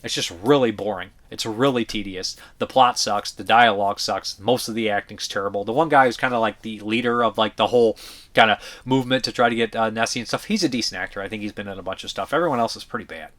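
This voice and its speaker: A man's voice: lowish voice, fast, a bit bright. A man giving blunt, profane, rambling movie reviews in a casual vlog, full of fillers and restarts. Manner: blunt opinionated talk.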